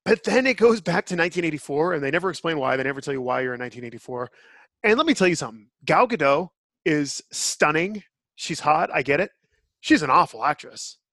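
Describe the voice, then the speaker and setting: A man's voice: fairly high pitch, expressive, fast, fairly bright tone, no room sound, clean studio sound. A man hosting a podcast, giving blunt, opinionated reviews in casual chat. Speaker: podcast host.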